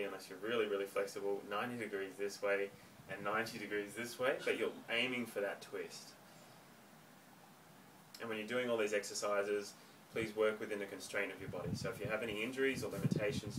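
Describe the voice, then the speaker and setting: A man teaching a home dance lesson, counting beats and giving clear step-by-step instructions. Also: on the low side, a bit bright. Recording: distant mic, faint room noise.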